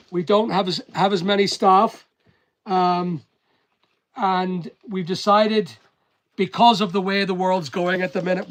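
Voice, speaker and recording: Man, London-Northern Irish accent, high-pitched voice, casual live-stream chat, rambling, greets viewers. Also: a bit bright. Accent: London and Northern Irish mix. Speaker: online seller streaming live. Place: packing room at work.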